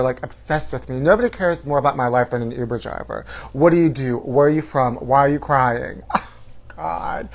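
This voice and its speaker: A man hosting a comedy show, telling a campy, theatrical story, calling his listeners honey and breaking into shouted quotes. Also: a little high, rough recording.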